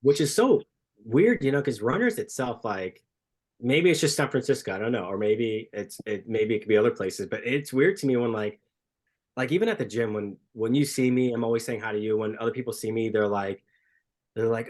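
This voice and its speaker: A man from Southern California talks in a casual, rambling way, leaning on "like" as he acts out the people he meets. His voice sits a little low. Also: fairly quick. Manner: animated storyteller, heavy use of "like", acts out greetings. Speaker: podcast guest, running coach. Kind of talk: casual chat.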